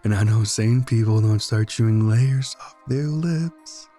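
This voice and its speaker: A man narrating a first-person horror story in a measured, tense, brooding way. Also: lowish voice, dark tone, faint music behind. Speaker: guest narrator.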